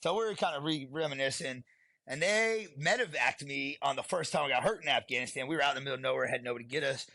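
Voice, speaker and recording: Gravelly, forceful man telling blunt stories. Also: mid-range voice, fast, dry recording. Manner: blunt and heavily profane, laughs while telling stories. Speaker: podcast guest, retired Marine sergeant. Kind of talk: candid storytelling interview.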